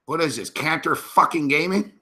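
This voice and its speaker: A man hosting a sports betting show places live bets, talking to himself with swearing and agitated rambling. His somewhat high voice is pushed and bright, and he talks at normal speed.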